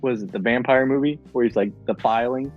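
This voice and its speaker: A man co-hosting a casual movie podcast, animated and profane, laughing as he riffs. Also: medium pitch, brisk, lo-fi sound, soft background music. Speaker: podcast co-host. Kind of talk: casual movie-review chat.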